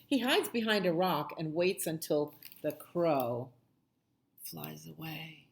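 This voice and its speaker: A woman librarian reading a picture book aloud at children's storytime, with soft asides to the kids. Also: low voice, gravelly. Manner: slow, sing-song, with soft asides to the children.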